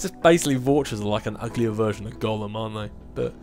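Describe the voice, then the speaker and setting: A man's voice: on the low side, quick pace, few pauses, soft background music. A man in his twenties hosting a casual video Q&A, chatting in a rambling way with frequent restarts and laughs. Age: 20s. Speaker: YouTube channel host answering viewer questions. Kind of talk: casual chat.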